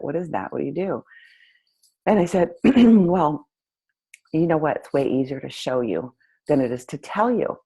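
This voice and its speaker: Breathy woman telling a lively story. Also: low-pitched, poor audio. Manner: animated, acts out both sides of a conversation. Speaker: host. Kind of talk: storytelling to an audience.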